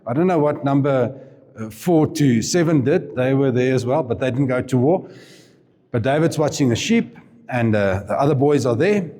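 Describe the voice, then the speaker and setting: A man's voice: mid-range voice, lively intonation, normal speed, dark tone. A man preaching a sermon, retelling a Bible story informally, with asides and chuckles. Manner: chatty and informal, with asides and laughs. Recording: reverberant hall.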